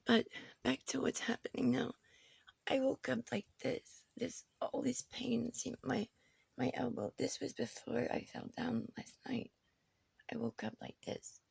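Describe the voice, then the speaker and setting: A woman recording a personal video message on her phone, short of breath, halting and repeating herself, often dropping to a whisper. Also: fairly high pitch, creaky, darkish tone, husky, dry recording. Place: her room at home.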